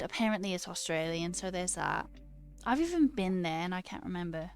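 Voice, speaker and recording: A woman's voice: on the low side, lively intonation, fairly quick, clear, resonant tone, soft background music. A woman streamer chatting casually with her viewers while coding, self-mocking and swearing freely.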